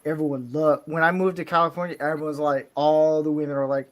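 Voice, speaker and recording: Casual streamer host: man with a slightly high voice, rambling, jokey, keeps restarting sentences. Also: level tone, fast talker. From southern Florida. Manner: rambling, joking, self-interrupting. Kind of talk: casual chat. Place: California home.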